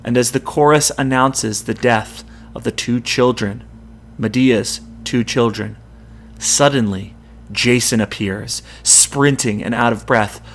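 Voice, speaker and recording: A man's voice: mid-range voice, a little slow, a little hiss or hum. Man retelling a Greek tragedy. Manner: dramatic storytelling with quoted lines. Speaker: podcast host.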